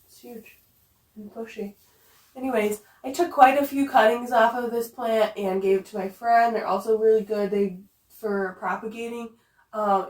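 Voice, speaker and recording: A woman's voice: fairly high pitch, a little mellow. Gushing woman vlogger in an echoey room. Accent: some regional accent that slips in. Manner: gushing, enthusiastic, fond of repeating words. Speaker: houseplant vlogger. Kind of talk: casual chat. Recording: roomy echo, distant from the mic.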